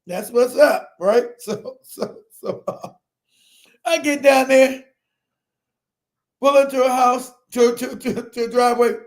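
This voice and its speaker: A middle-aged man telling a personal story in a casual, profane, animated way, acting out quotes and laughing often. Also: extremely high pitch, slow, long pauses.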